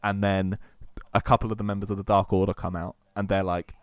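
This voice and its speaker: A man's voice: on the low side, flat delivery, fairly quick, clean tone, no room sound, studio quality. A man cohosting a casual podcast chat, eagerly retelling a long story and acting out quotes between many fillers.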